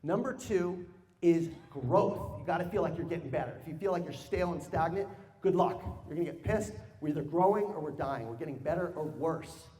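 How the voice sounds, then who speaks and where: A man's voice: fairly high pitch, fairly quick. Man speaking in a reverberant hall. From United States. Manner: animated, humorous, asks audience to call out. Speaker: sales speaker. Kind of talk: storytelling keynote to a live audience. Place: large hall with audience.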